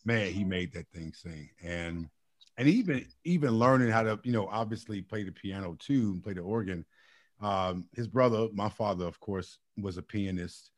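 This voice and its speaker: A man's voice: on the low side, normal speed. A man chatting casually, reminiscing animatedly and laughing as he tells family stories. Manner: animated storyteller, laughs often.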